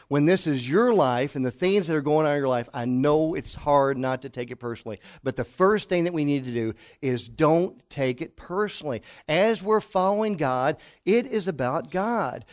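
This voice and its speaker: A middle-aged pastor preaching a sermon to his congregation, telling stories and dropping to a hush for emphasis. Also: a little high. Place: church hall before a congregation.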